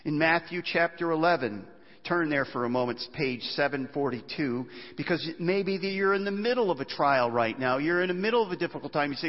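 A male pastor with a higher, lively voice preaches a sermon, swinging his voice up into anguished cries and back down to soft reassurance. The sound is a little dull, with the long reverb of a large hall behind him. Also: brisk. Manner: animated preaching, acts out cries of despair.

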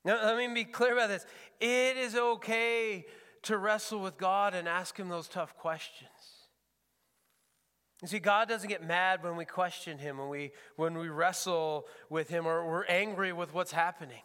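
A man's voice: high-pitched, steady tone, moderate pace, bright, forceful tone, clean tone, long reverb tail. A man preaching as a pastor, earnest and often repeating words as he searches for the phrasing. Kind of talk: sermon. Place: church sanctuary.

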